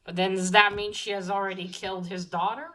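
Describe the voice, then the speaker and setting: A woman's voice: medium pitch, little pitch movement, a little fast, a bit bright, rough recording. A woman giving a casual, chatty comic book review, talking with many fillers and restarts.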